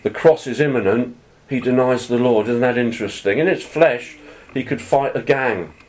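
A man's voice: medium pitch, moderate pace, a little mellow, rough recording. Man preaching an earnest Bible sermon. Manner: reads scripture then explains it in an earnest, conversational way.

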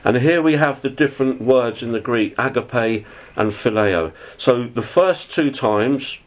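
A man's voice: medium pitch, unhurried, poor audio. A man preaching a sermon, reading scripture aloud and then explaining it in an earnest, conversational way. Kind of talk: sermon, Bible teaching.

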